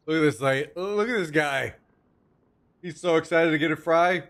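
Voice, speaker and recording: A man's voice: on the high side, moderate pace, fairly bright tone, dry recording. A young man streaming from home into a desk microphone, in a loose, joking manner that swears casually and chats with his viewers. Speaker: livestreamer. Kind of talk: casual live-stream chat.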